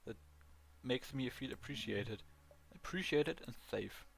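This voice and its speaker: A man's voice: medium pitch, animated, a little slow, gravelly. A man with a German accent reading the lines of a cheerful, eager male ghost dog in a video game. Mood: earnest. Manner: earnest, eager, simple phrasing.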